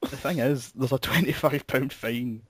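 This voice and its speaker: A young man spins a long anecdote in casual podcast chat, swearing freely and laughing at his own jokes. His voice sits mid-pitch and is recorded close and dry, with no room echo. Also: moderate pace, breathy edge. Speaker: podcast host.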